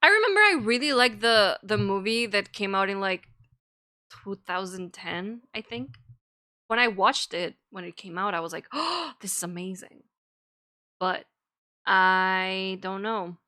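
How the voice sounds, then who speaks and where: Bright, giggly young woman streamer. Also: mid-range voice, a little slow, smooth. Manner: rambling, giggly, swears casually. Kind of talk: casual chat.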